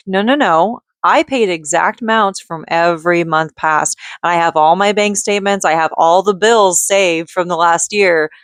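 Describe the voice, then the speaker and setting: A woman's voice: fairly low pitch, no room sound. A woman venting in a casual vlog, rambling and frustrated, with lots of fillers and bursts of speech. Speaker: vlogger; mother and call center worker.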